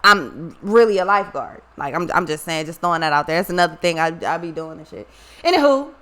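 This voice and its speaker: A tarot reader talks directly to her viewers in a blunt, profane, scolding monologue, weaving in a personal story. Her voice is fairly low, animated, a little fast, and fairly bright.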